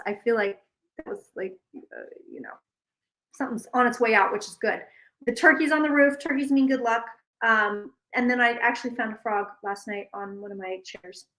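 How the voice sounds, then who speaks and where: A woman's voice: a little high, bright, forceful tone, poor audio. A woman psychic vlogger chatting casually and rambling to her viewers, swearing freely.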